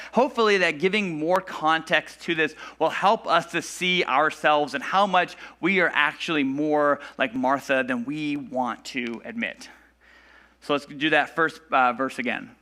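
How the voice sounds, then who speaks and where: Bright-voiced casual male pastor. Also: fairly high pitch. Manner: conversational, filler-heavy, acts out voices of Bible figures. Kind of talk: casual sermon. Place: church.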